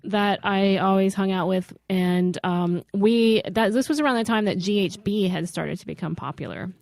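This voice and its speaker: A woman's voice: medium pitch, normal speed, vocal fry, a little mellow, no room sound, clean studio sound. A woman co-hosting a comedy podcast, telling a self-mocking story in casual chat. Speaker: podcast co-host.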